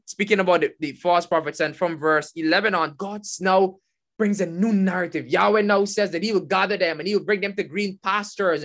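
A man preaching a sermon, with animated emphasis that swells and drops, often repeating himself. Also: sits high. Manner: animated, rising and falling emphasis, repeats and restarts.

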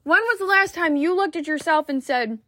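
A woman's voice: very high-pitched, lively intonation, brisk, sharp tone, dry recording, clean studio sound. A woman wellness coach giving a heartfelt, emphatic motivational talk to the camera.

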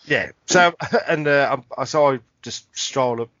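A man's voice: mid-range voice, unhurried, a bit bright, no room sound, lo-fi sound. A man, co-hosting a podcast and rambling through a funny anecdote, laughing and swearing often. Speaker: podcast co-host. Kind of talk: casual chat.

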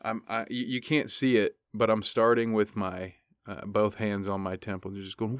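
A man's voice: lowish voice, level tone, moderate pace, few pauses, clean tone, dry recording, studio quality. A man hosting a solo podcast, ranting in a casual, profane, sarcastic way. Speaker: podcast host.

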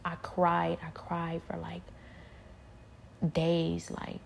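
A woman giving a rambling personal spiritual testimony, speaking softly and often dropping into a whisper. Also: lowish voice, completely flat delivery, very slow, gravelly, a little hiss or hum. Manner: soft-spoken, often trailing into whispers; rambling, many fillers and repeats.

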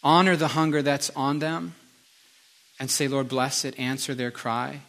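A man pastoring a church service, leading a fervent prayer with repeated pleas, sometimes hushed. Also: medium pitch, little pitch movement, measured pace, gravelly. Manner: fervent repeated pleading, soft and hushed at times. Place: church sanctuary.

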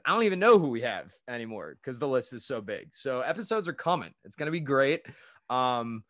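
A man's voice: medium pitch, fairly bright tone, slight background noise. A young man hosting a casual podcast chat, laid-back and slangy, laughing often. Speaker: podcast host.

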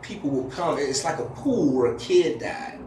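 A man who raps, telling a story in casual chat with profane slang and loud acted-out quotes. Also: fairly high pitch, moderate pace, roomy sound, distant mic, faint music behind. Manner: animated, profane street slang, acts out quotes loudly. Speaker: rapper.

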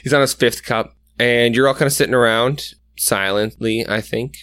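A man's voice: medium pitch, steady tone, normal speed, fairly bright tone, clean tone. A man narrating a tabletop game as game master, casual and full of fillers. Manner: casual, filler-heavy, often laughing.

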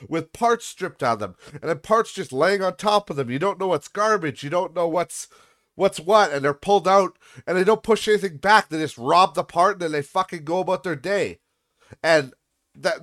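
A man's voice: fairly high pitch, fairly bright tone. A young man hosting a podcast, ranting in a frustrated, profane way about a messy workplace. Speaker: podcast host. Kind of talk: casual venting monologue.

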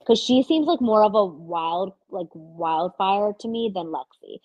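A woman's voice: mid-range voice, measured pace, no room sound, highs cut off. A young woman co-hosting a podcast in casual chat, ranting heatedly, swearing and acting out quotes. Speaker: podcast co-host.

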